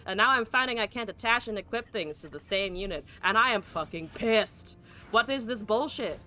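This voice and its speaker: Ranting woman streamer, lively bright voice. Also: medium pitch, brisk, faint music behind. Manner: exasperated ranting, swearing, rhetorical questions. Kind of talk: live stream card game commentary.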